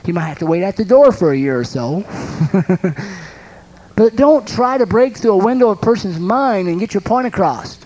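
Delivering a sermon, this pastor and counselor spins animated stories, acting out small scenes with sound effects and laughing between his points. He speaks in a high voice at a moderate pace, and the highs in the audio are cut off.

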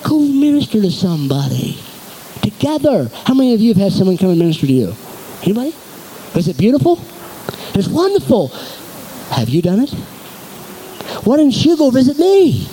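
Animated high-voiced pastor preaching. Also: male voice, normal speed, long pauses, slight background noise, rough recording. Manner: animated, exhorting the congregation. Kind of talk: sermon. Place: church.

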